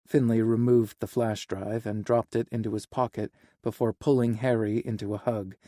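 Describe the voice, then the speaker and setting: A man reading a romance novel aloud in an even, unhurried way as an audiobook narrator. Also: fairly low pitch, no echo, studio quality. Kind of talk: scripted narration.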